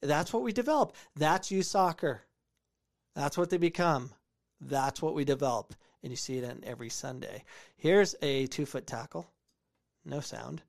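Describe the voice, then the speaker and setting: A man from the United States with a slightly high voice hosts a casual show, talking over soccer clips. He is opinionated and drives his points home by repeating phrases. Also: a little slow, creaky. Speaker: podcast host reviewing soccer clips. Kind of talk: casual commentary on video clips.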